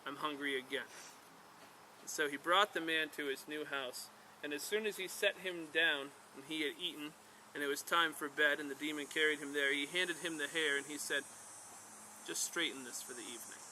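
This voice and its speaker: Bright-voiced man telling a campfire tale. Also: a little high, a little fast, a little hiss or hum. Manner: animated storyteller, draws lessons from tales. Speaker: bushcraft instructor. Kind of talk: storytelling to a camp group. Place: outdoors at a woodland skills camp.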